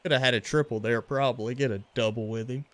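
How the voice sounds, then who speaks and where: A gaming livestreamer from western Louisiana, with a Louisiana accent, plays a baseball video game, casually commenting on plays and greeting chat in a relaxed, chatty way. His mid-range voice moves fast, with no echo.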